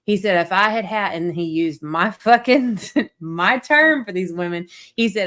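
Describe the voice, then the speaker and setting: A woman's voice: medium pitch, a little slow, hardly any pauses, a bit bright. A middle-aged woman hosting a casual chat, talking bluntly and emphatically with frequent swearing. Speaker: podcast host.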